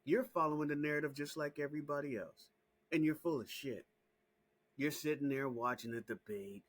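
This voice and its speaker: A man hosting his own small channel, ranting straight to camera in a heated, profane, repetitive way that climbs into shouting. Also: medium pitch. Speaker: small YouTube channel host. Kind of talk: casual direct-to-camera rant.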